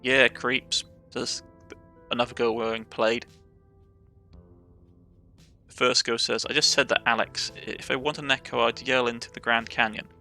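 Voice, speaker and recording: A gravelly man with a Cornish accent reads out a story game's narration and lines, with a bright, sharp edge to his voice. He trips over words now and then and backs up to fix them, while soft game music plays underneath. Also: medium pitch, little pitch movement, normal speed, pauses often. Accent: Cornish English. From Cornwall, England. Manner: reads dialogue and narration aloud, stumbles and corrects himself. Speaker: let's play gamer. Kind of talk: reading game text aloud with light character voices.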